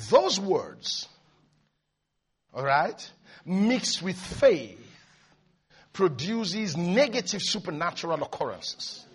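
A man preaching a sermon as pastor, animated, swinging between hushed asides and shouted peaks. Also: high voice, a little slow, breathy edge.

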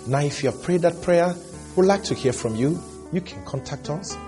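Calm male preacher over guitar music. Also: on the high side, normal speed. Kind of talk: closing altar-call prayer.

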